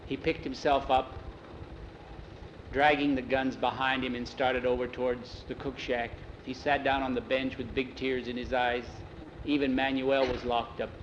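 A man telling a story from memory in a plain, unhurried way, tagging each line with "he says" and now and then restarting a phrase. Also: mid-range voice, little pitch movement, muffled recording, a little hiss or hum. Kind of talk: oral storytelling, told from memory.

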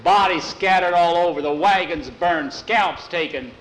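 A stubborn frontier settler who defies the wagon master, as a male storyteller puts him on. He speaks raised and insistent, pitched a bit higher than the narration. The voice rings in an echoey room. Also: a little slow, fairly bright tone, a little hiss or hum. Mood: defiant. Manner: defiant, insistent.

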